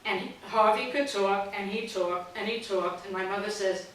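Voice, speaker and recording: A woman in her sixties from New York, telling stand-up stories in a blunt, deadpan way and swearing freely. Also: medium pitch, moderate pace. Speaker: stand-up comedian. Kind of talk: stand-up storytelling. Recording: very echoey hall, distant mic, faint noise.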